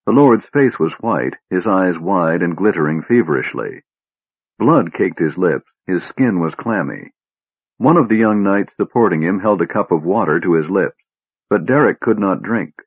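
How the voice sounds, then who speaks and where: A man with a very low, husky voice reads an audiobook in a grave, measured way. The recording is dry and a touch dull. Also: animated, no echo. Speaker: narrator. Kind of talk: audiobook narration.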